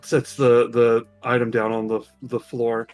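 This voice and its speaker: A man narrating as game master, stumbling through scenes with plenty of ums. His voice sits at an ordinary pitch. Faint background music runs under him. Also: level tone, a little slow, a little mellow. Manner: loose, hesitant, lots of ums.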